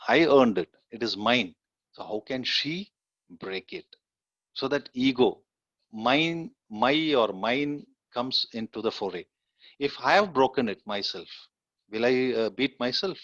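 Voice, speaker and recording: This middle-aged guest lecturer, speaking with an Indian English accent in a medium-pitched, slightly bright voice, delivers an earnest talk that weaves in a personal story. He keeps checking in with his listeners through "okay?" and "you know." The audio is dull, dry and lo-fi with no echo.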